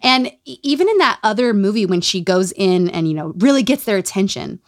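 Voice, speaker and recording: A woman hosts a casual podcast and talks in a relaxed, conversational way with wry asides. Her voice sits at a medium pitch. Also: brisk. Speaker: podcast host. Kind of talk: casual chat.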